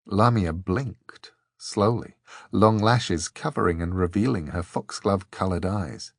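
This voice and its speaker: A man narrating an audiobook in a measured, expressive way. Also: low-pitched, gravelly, dry recording, studio quality.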